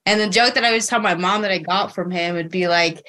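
Bright-voiced woman telling a story. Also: lowish voice, quick pace. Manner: animated storytelling with acted-out quotes. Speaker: contestant.

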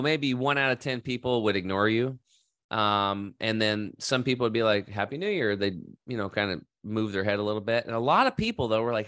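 A man's voice: lowish voice, a bit bright, dry recording, clean studio sound. A middle-aged man from Oregon casually telling a rambling, enthusiastic story in a vlog and acting out quoted voices. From Oregon, USA. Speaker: vlogger in the health industry.

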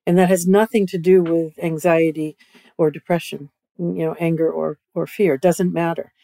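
Woman on a video call, kinda low mellow voice, dry, explaining stuff and going "right?" a lot. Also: fairly even intonation, moderate pace, creaky, dry recording. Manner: repeats "right?" often, starts phrases over. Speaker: guest expert. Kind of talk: conversational explanation.

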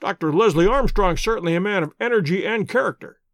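A shrewd, unflappable detective read by a man questions in measured, courteous, dryly ironic phrases. The voice is fairly high and lively, recorded dry and close. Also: no echo. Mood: wry. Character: shrewd, calm male detective, dry and wry.

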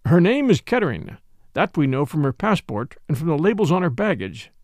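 A man's voice: on the high side, big pitch swings, fairly quick, no echo, studio quality. A man playing a pompous French police official. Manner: pompous, formal and insistent. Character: pompous middle-aged French police commissary.

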